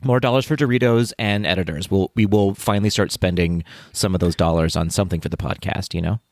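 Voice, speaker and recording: A man's voice: deep voice, fast talker, no room sound, clean studio sound. A playful man from the United States co-hosting a podcast, chatting casually and laughing often. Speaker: podcast co-host.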